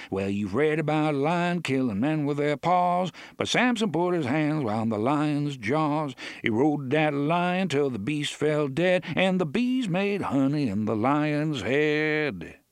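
A man's voice: mid-range voice, no echo, studio quality, pitched above the performer's own voice. A man voicing a genial older man who loves riddles and old songs, teasing and playful in a full melodious voice.

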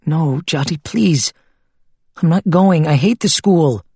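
A man's voice: slow, darkish tone, husky, no echo, exaggerated voice. A man voicing a tearful six-year-old girl in a storybook. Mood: pleading. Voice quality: raised, pleading pitch. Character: upset little girl, six, stubborn and homesick.

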